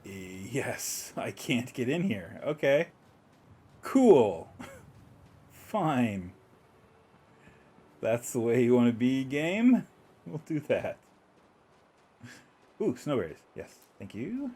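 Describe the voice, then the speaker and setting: A man's voice: mid-range voice, sing-song, extremely slow, long pauses, dark tone, breathy edge. Easygoing man chatting through his gameplay. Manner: chatty, talks to himself and the game, chuckles often. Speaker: streamer playing a video game. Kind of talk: casual gameplay commentary.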